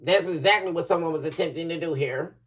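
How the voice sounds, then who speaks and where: Low-voiced chatty tarot reader woman. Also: fast, distant mic. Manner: chatty, emphatic, laughs often, addresses viewers as collective and baby. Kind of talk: collective tarot reading to viewers.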